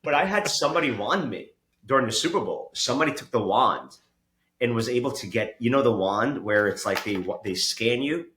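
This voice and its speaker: A man telling stories in a casual podcast chat, animated, laughing and swearing often. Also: mid-range voice, brisk, reverberant. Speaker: podcast host.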